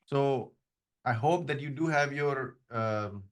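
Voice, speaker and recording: A man's voice: mid-range voice, slow. A man who speaks English as a second language, teaching an Arabic grammar class and explaining patiently with frequent restarts. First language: not English; another language first. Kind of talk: online class lecture.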